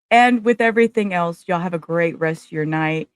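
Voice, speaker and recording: A woman's voice: lowish voice, no echo. A woman hosting a casual livestream, talking emotionally and straight to her viewers. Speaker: livestream host.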